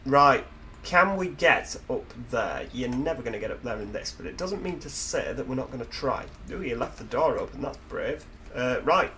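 A man with a Yorkshire accent talks his way through a driving game in a loose, jokey style, mid-pitched and full of self-mocking asides. A faint hiss of background noise runs under his voice. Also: expressive, normal speed, sharp tone. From Yorkshire, England. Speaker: gaming video host. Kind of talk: casual gameplay commentary.

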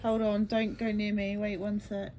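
A woman with a husky voice, chatting casually and showing how she packs her stock, with plenty of ums and likes. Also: mid-range voice, completely flat delivery, normal speed, roomy sound, very noisy. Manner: chatty, fillers like um and like. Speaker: reseller vlogger. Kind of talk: casual chat and demonstration.

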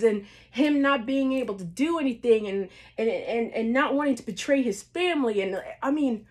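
Gushing high-voiced woman vlogger. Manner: gushing, excitable, full of fillers and laughs. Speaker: wrestling video host. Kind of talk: casual reaction recap.

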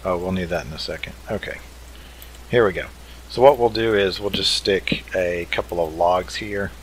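Man, deep voice, casual let's play commentary, easygoing, thinking aloud, faint background hiss. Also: moderate pace, poor audio.

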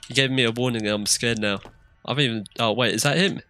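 Bright, jittery young man gaming. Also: medium pitch, fairly even intonation, fast, faint music behind. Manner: jittery running commentary, shrieks when scared. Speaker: gamer. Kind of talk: let's play commentary.

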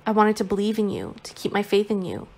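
A woman's voice: mid-range voice, big pitch swings, fast talker, a little mellow. A woman voicing an anxious, devoted young wife who pleads earnestly, in an audiobook reading. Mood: pleading.

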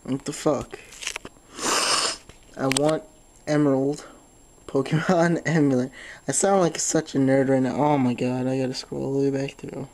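Man hosting a casual phone how-to, mellow voice, stuffy nose, loose and rambling with fillers. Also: mid-range voice, flat delivery, normal speed, slight background noise. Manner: rambling, lots of "um", swears when frustrated. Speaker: tutorial host. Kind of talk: casual screen-recorded phone tutorial.

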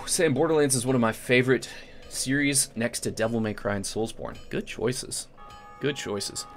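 A man's voice: medium pitch, moderate pace, a little hiss or hum. A man giving rambling gameplay commentary as a channel host, swearing and flaring up at the game between chatty asides. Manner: profane, excitable outbursts at the game.

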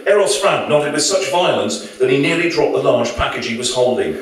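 A man's voice: mid-range voice, lively intonation, fairly quick, a little hiss or hum. A male author reading his novel aloud to an audience at a live venue, with dry, wry storytelling. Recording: very echoey room, mic far off.

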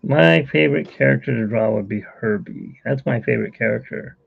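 A man's voice: medium pitch, brisk, creaky, slightly rough, narrow, tinny audio. A middle-aged man hosting a casual live stream from home, rambling and chuckling as he talks to viewers while he sketches. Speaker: host.

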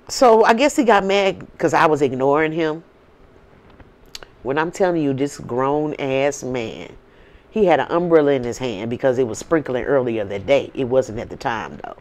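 A woman with a St. telling a story in casual talk, blunt and swearing freely. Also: extremely low pitch. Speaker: vlogger.

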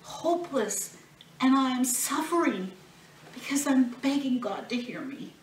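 A woman's voice: high voice, lively intonation, measured pace, a little hiss or hum, voice pushed up. A woman voicing a grieving young woman who earnestly begs God for a child, in a roomy room from a distant mic. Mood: pleading. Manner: pleading, earnest.

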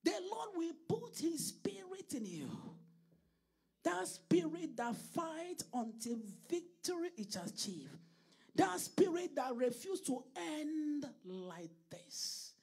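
A woman pastor preaching a sermon in a church, swinging from hushed asides to sudden shouts. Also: sits high, big pitch swings, takes it slowly.

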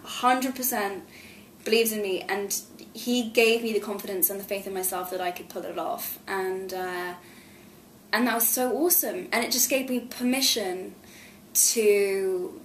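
A woman's voice: mid-range voice, steady tone, moderate pace, a little hiss or hum. A young woman in her twenties, an actress chatting animatedly in an interview, laughing often and filling her talk with "like". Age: 20s. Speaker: actress guest. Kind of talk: casual interview chat. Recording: roomy echo.

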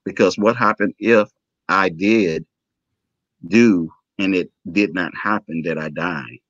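An emotional, animated man with a low, slow voice acts out dialogue as he tells a personal story as an interview guest. The recording sounds dull, lo-fi and dry.

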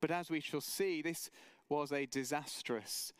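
A man preaching a sermon for an online church service, measured and earnest, with story-telling asides. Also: on the high side, clean tone, no echo. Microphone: camera mic, online service.

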